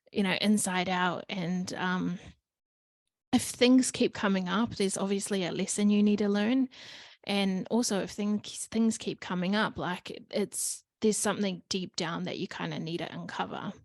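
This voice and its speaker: A woman's voice: mid-range voice, dry recording. Woman podcast host, mid-range voice, candid rambling chat with casual swearing, dry close mic. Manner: candid, rambling, frequent "like" and "you know". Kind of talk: casual reflective monologue.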